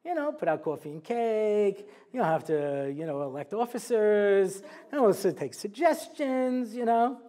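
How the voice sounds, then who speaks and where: Animated, joking male rabbi lecturer. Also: high voice, a little slow. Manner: animated storytelling, acts out quotes, jokey asides. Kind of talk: humorous sermon lecture.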